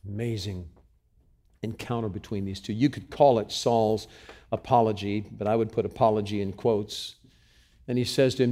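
Man, pastor, sermon, mellow voice, loud readings, quiet asides. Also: on the low side, steady tone, moderate pace.

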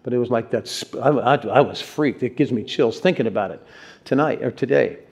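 A male pastor giving a sermon, telling stories in an animated way and putting questions to his congregation. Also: mid-range voice, a little fast, creaky, slightly rough. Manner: animated storyteller, acts out quotes, asks the audience questions. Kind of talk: sermon with personal storytelling.

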